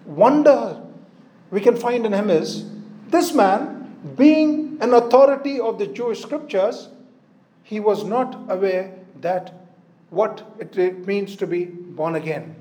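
Guy preaching a sermon, high pitched and soft toned, reads verses slow. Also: reverberant. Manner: asks "isn't it?" tag questions often; reads scripture aloud in a slow, measured way. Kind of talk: sermon with Bible reading.

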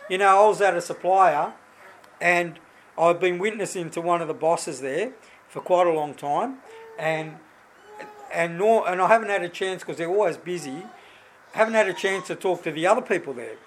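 A middle-aged man with a high, light voice preaches informally to a congregation. He reads scripture and tells stories from his own life in a loose, conversational manner, often restarting his sentences. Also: normal speed, a little hiss or hum, rough recording. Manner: conversational, animated storytelling with many restarts. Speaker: lay preacher. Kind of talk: informal sermon with personal stories.

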